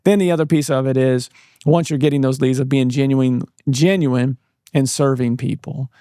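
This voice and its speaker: A man in the host's chair with a voice of middle pitch. He sums up his guest's points in a measured, unhurried way and pauses on fillers. The recording is dry and close. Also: fairly even intonation, dark tone, clean tone, no echo. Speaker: podcast host. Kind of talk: interview hosting.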